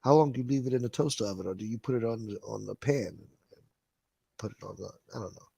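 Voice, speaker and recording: Guy on a stream reading chat out loud, swears a lot, rambles, dry close sound. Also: fairly low pitch, fast talker, gravelly, husky, dry recording. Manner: profane, rambling, wisecracking, calls people boy. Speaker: livestream host reading chat. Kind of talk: casual chat.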